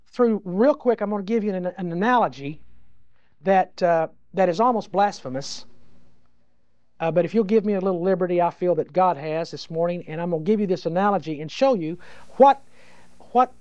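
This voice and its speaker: A man's voice: sits high, normal speed, darkish tone, no room sound. A male preacher delivers a sermon in a folksy, emphatic storytelling way, often stumbling and starting phrases again. The recording is dry and dull, like lo-fi audio.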